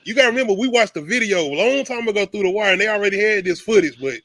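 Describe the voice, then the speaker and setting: A man with a high, bright voice tells animated stories on a podcast. His voice sounds dry and close. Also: rapid-fire, no echo. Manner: animated storyteller, laughs often. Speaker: podcast co-host. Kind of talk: casual chat.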